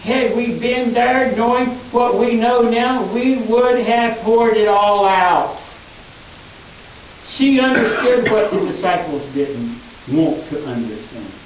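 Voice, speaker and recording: A male pastor preaching a sermon in a church, earnest and emphatic, dropping into quiet asides. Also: high voice, a little hiss or hum. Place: church sanctuary. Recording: echoey hall, distant mic, dull lo-fi.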